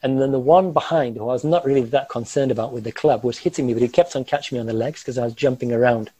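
A man recounts a harrowing experience from his own life, animated and given to quick chuckles. His voice is mellow and a bit husky. The recording is dry and close, with no room sound. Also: mid-range voice, dry recording, low-quality recording. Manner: animated, gestures while talking, chuckles through tense moments. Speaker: guest recounting a personal ordeal. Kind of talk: vivid first-person storytelling.

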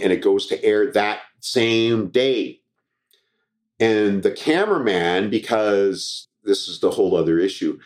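A middle-aged Canadian man, a former TV reporter and comedian, telling stories in a casual interview and acting out quoted dialogue. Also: lowish voice.

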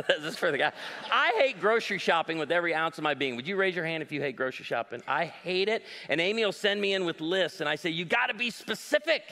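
Guy in his 40s doing stand-up, high bright voice, big echoey hall, acts out all the quotes. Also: quick pace. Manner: animated storytelling with voiced quotes. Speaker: stand-up comedian. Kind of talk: live stand-up comedy. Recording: long hall reverb.

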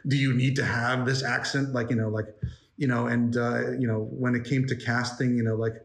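A man's voice: mid-range voice, level tone, moderate pace, gravelly. Forties guy from New York, guest on a chat show, loose and rambling, mid-range voice, roomy sound. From New York, United States. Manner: rambling, many fillers and restarts. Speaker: interview guest, animation story artist. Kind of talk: casual interview chat. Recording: roomy echo.

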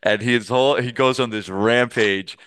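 A man's voice: mid-range voice, fairly even intonation, moderate pace, a bit bright, clear, resonant tone, no room sound. A middle-aged man hosting a podcast, chatting casually and enthusiastically, rambling with restarts. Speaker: podcast host. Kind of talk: casual interview chat.

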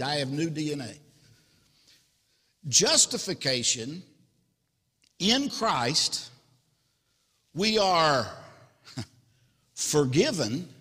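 A man preaching a sermon as pastor, slow and emphatic, repeating key words. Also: on the high side, pushed and bright, husky, long reverb tail.

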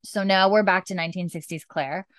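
A woman's voice: lowish voice, fairly even intonation, fairly quick, a bit bright, no room sound. A woman co-hosting a casual chat, animatedly retelling a TV episode and acting out the characters' lines, with lots of "like.". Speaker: podcast co-host recapping a TV episode.

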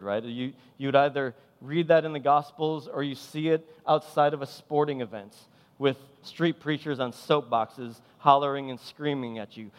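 Impassioned male pastor in a reverberant hall. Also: medium pitch. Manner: impassioned, emphatic preaching with repeated phrases. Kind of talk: sermon.

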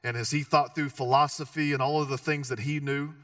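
Pastor guy preaching, chatty and jokey, punchy repeats, bright slightly high voice, a bit off mic. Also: steady tone, brisk, dry recording, clean studio sound, far from the mic. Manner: conversational and joking, with emphatic repeated phrases. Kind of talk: sermon.

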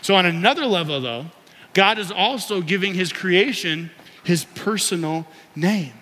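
A man's voice: high voice, lively intonation, measured pace, bright, forceful tone. A young man preaching a sermon, teaching and having the congregation repeat words after him. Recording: long hall reverb.

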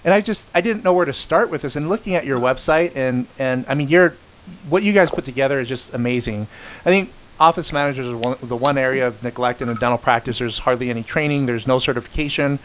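A middle-aged man hosting a podcast, chatting casually and telling animated stories with many restarts and quoted voices. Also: medium pitch, fast, slight background noise. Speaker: podcast host. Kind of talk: casual chat.

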